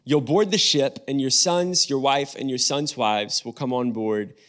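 Speaking at a measured pace in a medium-pitched, slightly bright voice, a young man serving as guest pastor chats and jokes with the congregation before his sermon. He uses a stage mic in a church sanctuary, keeping the banter friendly.

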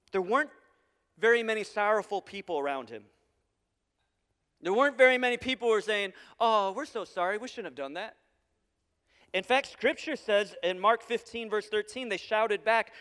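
A male pastor preaching a sermon to a large congregation, animated and acting out the voices he quotes. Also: high-pitched, big-room sound. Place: large church hall.

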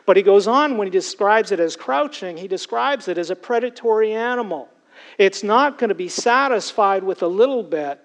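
A man's voice: high-pitched, animated, normal speed, poor audio. A man preaching a sermon as pastor, earnest and emphatic, often turning to address his congregation directly.

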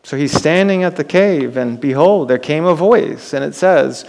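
A man's voice: fairly high pitch, lively intonation, normal speed, vocal fry, a little mellow, long reverb tail. A male pastor preaching a sermon, retelling scripture dramatically and asking the listeners rhetorical questions.

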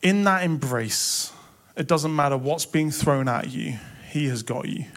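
A man's voice: fairly high pitch, lively intonation, a little slow, gravelly, a bit bright. A young man preaching a sermon in a church, impassioned and building to emphatic swells.

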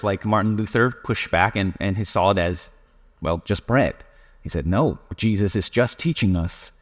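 Guy giving a chatty sermon, lots of uhs, jokes at his own expense, big echoey church. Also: on the low side. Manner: conversational, self-deprecating, many fillers. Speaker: preacher. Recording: reverberant hall.

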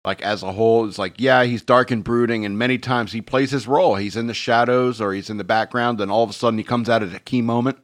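A man in a casual chat, thinking out loud about a character in a measured, analytical way. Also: medium pitch, steady tone.

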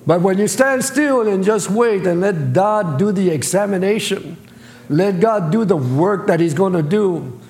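A man's voice: sits high, unhurried, vocal fry, darkish tone. A man preaching a sermon as pastor, speaking in plain colloquial phrasing and acting out voices. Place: church sanctuary. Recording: echoey church hall.

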